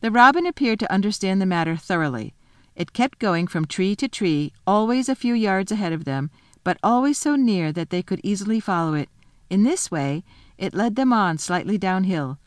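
A woman reading a children's storybook aloud in a calm, measured way. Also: medium pitch, no echo, clean studio sound. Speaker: audiobook reader.

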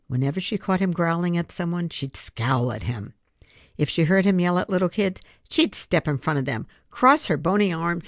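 A woman reading a children's chapter book aloud, telling the story in an expressive storyteller's way and calling out the page numbers. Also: sits low, gravelly, no echo, studio quality. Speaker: reader.

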